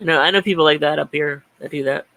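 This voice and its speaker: A man's voice: on the high side, steady tone, fast talker, gravelly, pushed and bright, no room sound. A man co-hosting a casual chat, playful and jokey, often stammering. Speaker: co-host.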